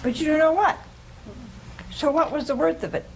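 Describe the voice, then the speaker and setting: A woman's voice: high-pitched, normal speed, creaky, slight background noise, poor audio. Chatty woman teaching scripture to a group. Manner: conversational, keeps asking "See?" and questioning listeners; homespun humor, laughs at her own jokes. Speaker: religious teacher.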